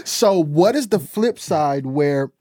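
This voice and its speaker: A man's voice: a little high, animated, takes it slowly, mellow, no room sound, studio quality. A man co-hosting a podcast, chiming in with eager affirmations and laughing interjections. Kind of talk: casual podcast talk.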